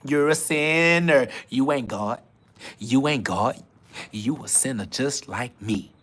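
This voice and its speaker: Bright-voiced man ranting preachily. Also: medium pitch, slow pace, slight background noise. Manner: preachy, streetwise rant with heavy repetition. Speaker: podcast host. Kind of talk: spiritual self-talk monologue.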